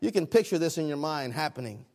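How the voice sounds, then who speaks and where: A man preaching a sermon, swinging between loud exclamations and hushed, quiet lines. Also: on the high side, expressive, quick pace. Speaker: pastor.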